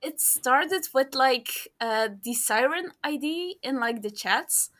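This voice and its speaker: A woman's voice: high-pitched, expressive, slow, fairly bright tone. A woman on a podcast describing her tabletop character idea, hesitant and full of filler words. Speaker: podcast guest, campaign player. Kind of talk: casual chat.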